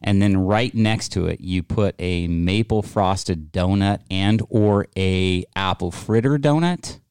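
A man co-hosting a podcast, chatting playfully with quick excited bursts. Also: low-pitched, smooth, dry recording, clean studio sound. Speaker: podcast co-host. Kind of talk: casual chat.

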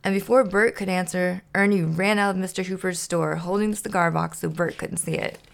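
A woman's voice: on the low side, fairly even intonation, a little fast, gravelly, a little hiss or hum. A woman podcast host reading a children's storybook aloud in a playful way. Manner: playful, laughs to herself.

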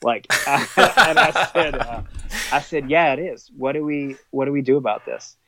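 A man's voice: medium pitch, unhurried, background noise. A man, a fire department supervisor, telling a work story in a casual way and acting out the quoted dialogue. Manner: animated, acts out quoted dialogue.

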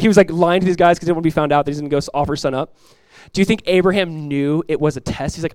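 A male pastor delivers an animated sermon, moving between fast asides and acted-out voices from the story. His voice sits a little high for a man. The sound is dry and close, with little room around it. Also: clean tone, no echo. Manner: animated preaching, acts out quoted voices, laughs. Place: church.

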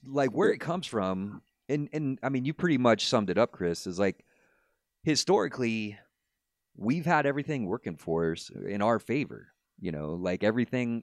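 A man's voice: lowish voice, no room sound, clean studio sound. A man in his thirties hosting a casual podcast discussion, talking loosely with restarts and laughing asides. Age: 30s. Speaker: podcast host.

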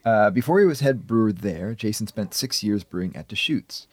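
An economics professor co-hosts a podcast from a radio studio, chatting casually with dry jokes and many hesitations. His lowish voice has lively intonation at a moderate pace, picked up on a studio mic with no echo.

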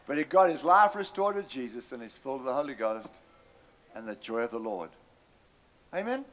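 A man's voice: medium pitch, very animated, fairly quick, fairly bright tone. A man preaching a sermon, telling a story animatedly and calling out to his congregation.

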